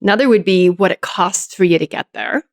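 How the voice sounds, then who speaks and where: A woman's voice: medium pitch, brisk, no room sound. Woman mayor explaining things step by step, medium voice, dry close mic. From Oregon, US. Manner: methodical, breaks problems into parts. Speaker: city mayor as guest. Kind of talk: interview answers.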